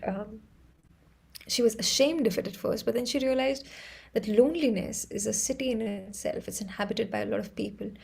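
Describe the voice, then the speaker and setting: A woman with an Indian English accent hosting a live stream, chatting casually and laughing often as she tells excitable stories. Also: a little high, creaky, slightly rough, low-quality recording. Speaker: livestream host.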